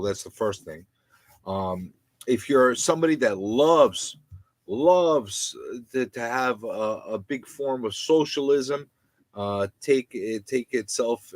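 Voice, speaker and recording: A man hosting a live stream, ranting about landlords in an animated, indignant, repetitive way. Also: medium pitch, no echo, rough recording.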